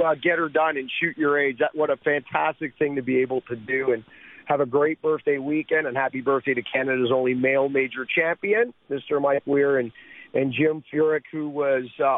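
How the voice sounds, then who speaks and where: A man's voice: on the high side, dry recording. A man co-hosting a golf radio show, rambling with plenty of fillers. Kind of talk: casual radio chat. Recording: dry, phone-like radio audio.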